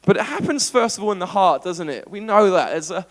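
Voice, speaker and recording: An Australian man preaching a sermon as pastor, animated and playful, acting out everyday scenes. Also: sits high, a little fast. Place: church auditorium. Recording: long church hall reverb.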